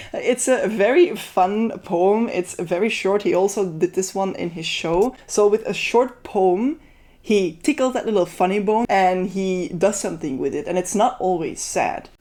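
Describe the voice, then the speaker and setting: A woman talking to camera in a casual, opinionated review voice, weighing up what works and what falls flat. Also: lowish voice. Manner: conversational, opinionated, critical. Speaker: book reviewer.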